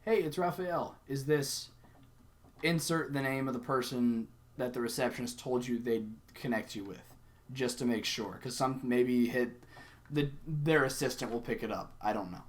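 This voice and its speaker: A man's voice: mid-range voice, normal speed. A young adult man giving a casual, conversational sales lesson, acting out sample phone lines as he explains them. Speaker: sales coach. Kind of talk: casual instructional talk.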